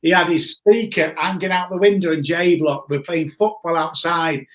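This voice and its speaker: A man in his forties telling a story in a casual chat, animated and laughing often, greeting viewers as he goes. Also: fairly high pitch, moderate pace. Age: 40s. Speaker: guest.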